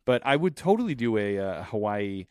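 A man from Chicago co-hosting a casual podcast, chatty and quick to laugh. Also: fairly low pitch, big pitch swings, darkish tone, no echo, clean studio sound. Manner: chatty, laughs often, sing-song greeting. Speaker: podcast co-host. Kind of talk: casual chat. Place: home studio in Southern California.

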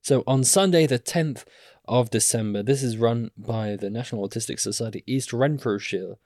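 A man's voice: medium pitch, moderate pace, darkish tone, dry recording, studio quality. Rambling male podcast co-host. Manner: rambling, self-deprecating. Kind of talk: casual podcast chat.

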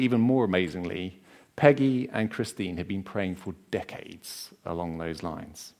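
Male preacher, slightly low voice, conversational storytelling with asides. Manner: chatty, jokey asides to the congregation. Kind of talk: sermon storytelling.

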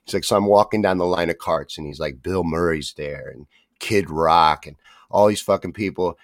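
A deep-voiced man co-hosting a podcast, chatting loosely and swearing freely. His voice is close and dry, with no room sound. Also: normal speed, no room sound. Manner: profane, laid-back storytelling. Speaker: podcast co-host. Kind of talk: casual chat.

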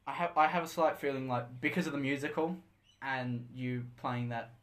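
A man's voice: mid-range voice, normal speed. A teenage boy co-hosting a casual podcast chat, blunt and teasing, who swears offhandedly and leans on fillers. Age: teens. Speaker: podcast co-host.

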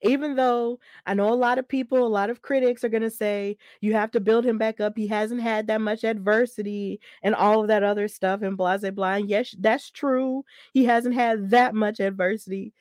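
A woman hosts a wrestling podcast in casual chat. She talks in an animated, emphatic way, repeating lines to drive her point home. Her voice sits at a middle pitch in a dry, close recording. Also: moderate pace, few pauses, dry recording. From Alabama. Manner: animated, emphatic and repetitive, venting frustration. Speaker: podcast host.

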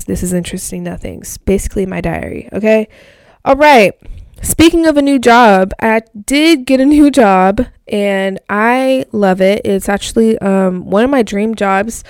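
Young woman, home vlogger, smooth voice, dry close mic, candid and raw, curses casually. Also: medium pitch, normal speed, darkish tone, no echo. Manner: emotional, swears freely, many fillers. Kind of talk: casual diary vlog. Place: home, indoors.

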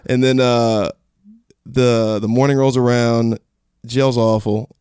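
A young man telling a casual story as a podcast guest, animated, acting out quotes in a raised voice and swearing. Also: medium pitch, slow, clean tone, no room sound, studio quality.

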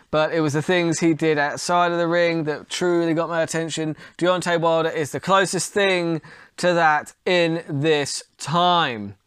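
A man's voice: fairly high pitch, a bit bright, clean tone, dry recording, studio quality. A man hosting a podcast in casual chat, loose and rambling, swearing and laughing often. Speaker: podcast host.

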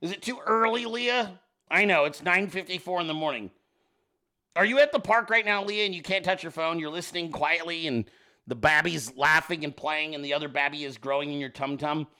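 A man's voice: fairly high pitch, a little fast, sharp tone. A man hosting a casual livestream, sarcastically riffing on viewer pictures and swearing freely. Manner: profane, sarcastic, riffing at the audience. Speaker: livestream host.

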